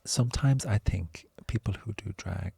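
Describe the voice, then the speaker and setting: Deep-voiced man, cheeky and playful. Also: moderate pace, gravelly, warm tone, breathy edge, no echo. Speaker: podcast co-host, comedian. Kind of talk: casual chat.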